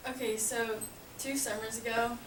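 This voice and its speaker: A woman's voice: on the high side, flat delivery, normal speed. A woman casually telling a funny personal story, chatty and laughing often, filling her talk with "like". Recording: echoey room, far from mic, noisy.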